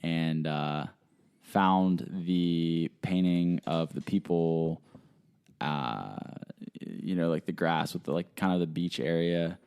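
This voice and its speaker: Deep-voiced young man telling a story. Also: slow pace, clear, resonant tone. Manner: animated storyteller who acts out quotes in a higher voice. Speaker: podcast host. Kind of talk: casual storytelling chat.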